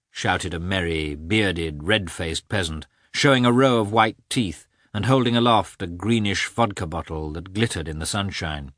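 A man reading a novel aloud as an audiobook narrator, with expressive, shifting inflection. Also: moderate pace, no room sound, studio quality. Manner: reads with lively, expressive inflection, lifting pitch for characters' shouts. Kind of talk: scripted narration.

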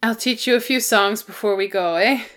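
A woman voicing a gruff, grieving male dwarf in a storybook reading, with a growling, bitter manner. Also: fairly high pitch, normal speed, lightly acted. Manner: growling, bitter then brightly teasing.

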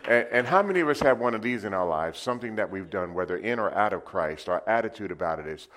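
A man's voice: low voice, expressive, quick pace, fairly bright tone. An older man from New City, giving a testimony sermon and telling his story in a conversational way, drawing the congregation into call-and-response. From New York City. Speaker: preacher.

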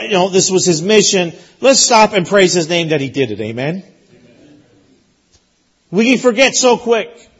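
A man preaching a sermon as pastor, emphatic and repetitive, rising to loud peaks. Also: sits high, breathy edge, lo-fi sound. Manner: emphatic, repeats phrases, rises to loud peaks.

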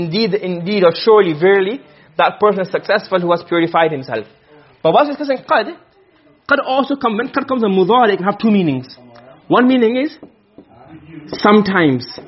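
A male teacher runs a classroom lesson on Arabic grammar, quizzing his students with rapid, frequent questions. His high, husky voice moves briskly, and the recording is muffled and lo-fi.

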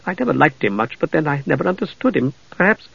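A man voicing a grieving mother who speaks softly and brokenly, in a dull, dry recording. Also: a little high, very animated, quick pace, gravelly, husky, no room sound, exaggerated voice. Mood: tearful. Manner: soft, broken, tearful. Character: grieving mother, tender but crisp.

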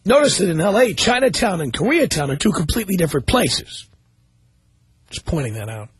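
Man, talk radio host, high husky voice, sarcastic, dry close studio sound. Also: sing-song, brisk, no echo. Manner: sarcastic, reading news items aloud with commentary.

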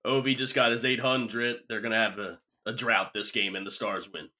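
A man's voice: medium pitch, fairly even intonation, moderate pace, bright, forceful tone. A man in easygoing, agreeable podcast chat, giving betting picks as a co-host. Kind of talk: casual podcast banter.

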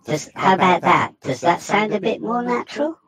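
A man through a squeaky pitch-shifted robot voice. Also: lively intonation, normal speed, fairly bright tone, slightly rough, no echo, heavily acted. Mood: playful. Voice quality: artificial, robotic. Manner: playful, demonstrating. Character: high-pitched artificial pitch-shifted voice, girlish. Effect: pitch-shifter voice morpher.

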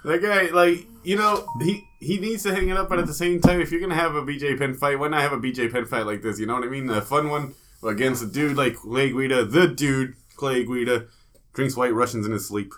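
Bright-voiced joking man podcaster. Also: mid-range voice, fairly quick, a little hiss or hum. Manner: joking, rambling, vulgar. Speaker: podcast co-host. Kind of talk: crude comedic chat about fighting.

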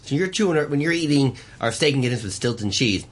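A pie shop owner, appearing as a guest, chats casually and enthusiastically about how he cooks, restarting his sentences many times as he talks through recipes. His voice is medium-pitched and animated, quick-paced with a breathy edge.

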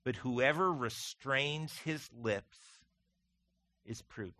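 Bright, animated male preacher. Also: mid-range voice, slow. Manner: folksy, animated storytelling with humor; addresses the congregation as "folks". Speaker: pastor. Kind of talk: sermon.

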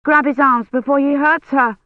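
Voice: sits high, fairly even intonation, moderate pace, dry recording, voice pushed up, natural voice. A reader voicing a young woman caring for a sick man, practical and urgent in her words, in a dull, dry recording.

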